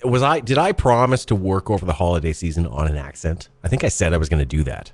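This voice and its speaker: A man hosting a casual chat, quick and playful, often restarting his sentences. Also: deep voice, lively intonation, dry recording. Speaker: show host.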